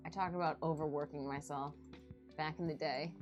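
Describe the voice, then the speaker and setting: A woman streamer in casual chat, talking in an animated way. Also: deep voice, a little fast, dull audio, soft background music. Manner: chatty and animated.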